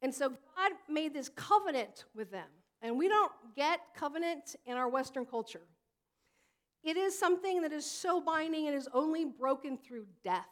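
A woman pastor in her thirties delivers a sermon with a high voice. She talks in a chatty, animated way, telling stories and acting out the lines of the people in them. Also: moderate pace. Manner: conversational, animated storytelling with acted quotes.

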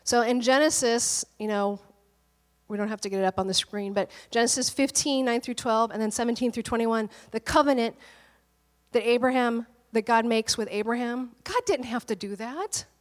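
A woman's voice: on the high side, normal speed, big-room sound. A woman pastor preaching in a conversational, storytelling way, often laughing as she talks. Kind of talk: conversational sermon.

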